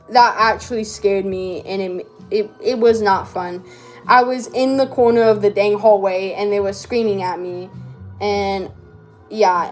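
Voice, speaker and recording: A teenage girl vlogger with a medium-pitched, slightly mellow voice rambles through a slangy story while crafting, full of fillers and laughs.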